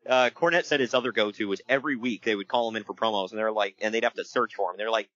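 A man hosting a casual podcast, recapping wrestling in an animated storytelling way and laughing often. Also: lowish voice, fast, no echo, dull audio. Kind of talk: casual chat.

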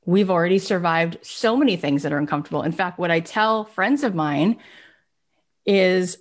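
A woman giving an energetic motivational talk as host of a live online session, addressing viewers directly. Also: on the low side, moderate pace.

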